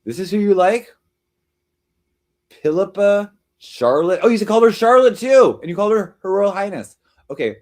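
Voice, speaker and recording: Rambling, teasing male streamer with lively pitch. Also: moderate pace. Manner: rambling, teasing, jumps between jokes and chat replies. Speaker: live stream host. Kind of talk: casual live-stream chat reading comments.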